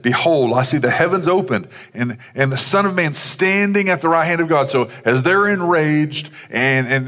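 A man's voice: medium pitch, fairly bright tone. A man, a pastor, preaching a sermon in a conversational way with casual asides. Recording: long hall reverb.

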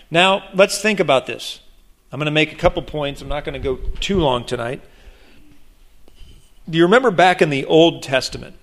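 A man preaching a sermon in a slightly high voice. He is animated and acts out the people in his story, and he often stops and restarts a sentence before going on. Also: normal speed, long pauses. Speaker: pastor.

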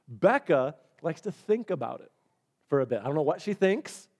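A man's voice: fairly high pitch, normal speed. A man preaching a sermon as a pastor, talking conversationally and acting out little dialogues. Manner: animated, conversational, acts out dialogue.

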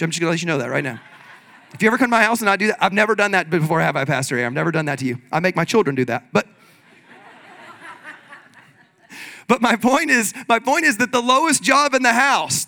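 A man preaching a sermon in an energetic, conversational way, leading the congregation in call-and-response. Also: very high-pitched. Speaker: pastor.

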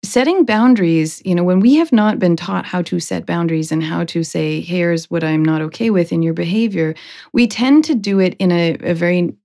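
A woman's voice: lowish voice, normal speed, creaky, warm tone. A woman hosting a podcast in casual conversation, talking reflectively, often laughing and checking in with "right?". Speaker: podcast host.

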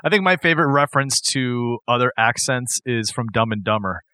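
A man's voice: medium pitch, expressive, fairly quick, pushed and bright, no room sound. Laid-back, slangy man on a podcast. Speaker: podcast co-host. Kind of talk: casual chat.

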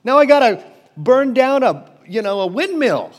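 A man voicing a miserable reanimated male corpse monster in a high, strained, whiny voice. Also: big pitch swings, normal speed, in a large hall.

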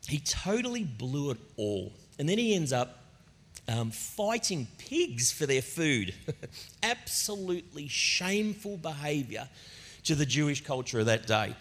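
A male pastor delivers a sermon with a lively, swinging voice that sits a bit high for a man. He tells stories in a chatty, animated way, and his words ring out with the long reverb of a church hall. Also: a little slow. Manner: animated, conversational storytelling preacher. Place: church auditorium.

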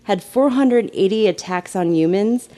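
A woman's voice: mid-range voice, lively intonation, measured pace, mellow. A woman co-hosting a casual podcast chat, reading out her research findings and swearing freely. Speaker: podcast co-host.

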